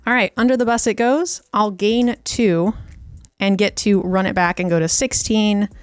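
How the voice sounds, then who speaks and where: A woman playing a tabletop card game, teasing the others and quick to laugh. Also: medium pitch, steady tone, clear, resonant tone, soft background music. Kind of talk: casual tabletop game chat.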